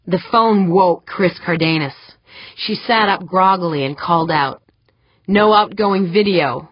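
A woman narrating an audiobook in a steady, measured reading. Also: on the low side, husky, dry recording. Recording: dull, muffled dry recording.

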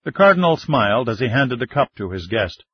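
Guy reading a novel aloud, husky voice, dull dry recording. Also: mid-range voice, sing-song, brisk, no echo. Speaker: audiobook narrator. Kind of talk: scripted narration.

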